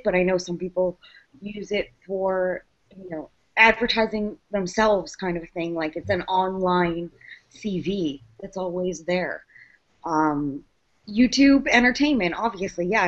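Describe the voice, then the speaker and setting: A woman speaking as a guest in a casual panel chat, dry and sarcastic, going through her points one by one. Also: medium pitch. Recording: dull lo-fi sound.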